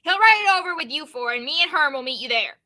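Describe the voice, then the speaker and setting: An older male bandleader with a slow, wry drawl, as a woman reads him aloud. The tone is high and bright, heard over a video call. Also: lively intonation.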